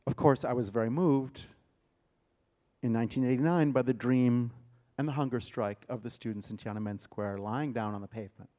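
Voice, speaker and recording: A man, a theater director, giving a lecture and retelling a story with dramatic emphasis and sudden loud bursts. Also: mid-range voice, moderate pace. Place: lecture hall.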